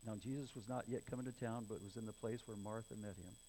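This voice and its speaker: A man's voice: on the low side, fairly even intonation, fast, warm tone, rough recording. A man preaching a sermon, reading scripture aloud and explaining it in earnest, rising to emphatic passages. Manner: earnest, builds to emphatic raised passages, some stumbles and restarts. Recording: faint mains hum.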